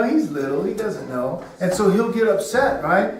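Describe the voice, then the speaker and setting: A man's voice: high voice, big pitch swings, unhurried, a little hiss or hum. A middle-aged man teaching a children's sermon to a room of kids, checking in with "okay?" and "right?" as he goes. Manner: keeps asking the kids questions, tags lines with "okay?" and "right?". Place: church room full of children. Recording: echoey room, mic far off.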